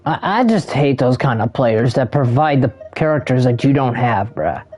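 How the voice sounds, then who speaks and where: With soft music behind him, a game streamer furiously rants at other players, swearing heavily throughout his commentary. He speaks at a normal speed in a medium-pitched, somewhat mellow voice with a sing-song lilt.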